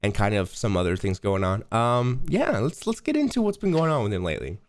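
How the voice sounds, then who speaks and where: A man's voice: fairly low pitch, very animated, a little fast. A man co-hosting a casual podcast, his voice a bit nasal, laughing often and restarting sentences. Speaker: podcast co-host. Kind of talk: casual chat.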